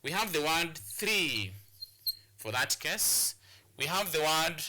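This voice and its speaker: A Kenyan man teaches a televised English lesson in a bright, sharp and strained voice that sits a little above the usual pitch. He explains step by step, often repeating himself and restarting his phrases as he addresses the students. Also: sing-song, slow pace. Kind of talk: classroom lesson on English pronunciation.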